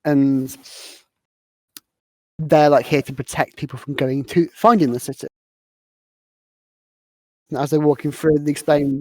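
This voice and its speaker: A woman's voice: low voice, steady tone, measured pace, long pauses, a little mellow, dry recording. Woman, podcast host, casual movie recap, filler-heavy, dead dry sound. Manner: rambling, filler-heavy retelling of scenes.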